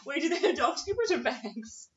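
A woman co-hosting a podcast in casual chat, excitable and dramatic. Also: high-pitched, normal speed, reverberant, lo-fi sound. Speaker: podcast co-host.

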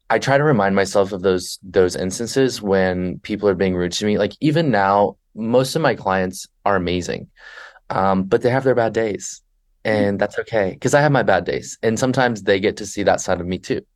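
A man with a fairly low voice, chatting casually as a guest on a podcast. He tells stories animatedly and slips into the voices of the people he quotes. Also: moderate pace. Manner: animated storyteller who acts out passengers and himself. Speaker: podcast guest, flight attendant. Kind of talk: conversational podcast interview.

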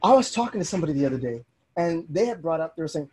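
Man, podcast host, husky voice, slightly high pitch, casual animated storytelling. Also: very fast. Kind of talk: casual conversation.

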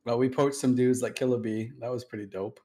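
A man's voice: medium pitch, steady tone, a little fast, mellow. A man casually telling a long story about past online game politics, with lots of swearing and self-mocking asides. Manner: laid-back, profane, self-mocking, acts out quoted dialogue.

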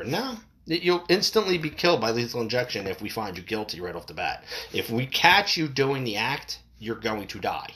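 An adult parent rants straight to camera, swearing freely and getting more worked up as they go. Their mid-height voice swings widely, dropping into low mutters and then leaping high in indignant bursts. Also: big pitch swings, moderate pace, a bit bright. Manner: impassioned, profane, voice jumping up when worked up. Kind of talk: heated opinion rant.

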